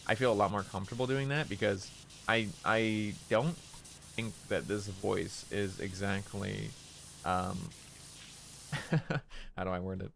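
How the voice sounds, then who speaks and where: Relaxed, gravelly low-voiced man. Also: a little slow, pauses often, a little hiss or hum, poor audio. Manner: relaxed, low-effort speaking; rambling with frequent restarts. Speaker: streamer. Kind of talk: casual chat while playing a game.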